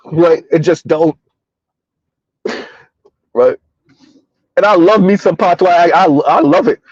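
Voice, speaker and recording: A man's voice: sits high, slow, long pauses, darkish tone, no room sound, muffled recording. A man hosting a casual livestream commentary, emphatic and rambling, chuckling between points. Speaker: commentary channel host.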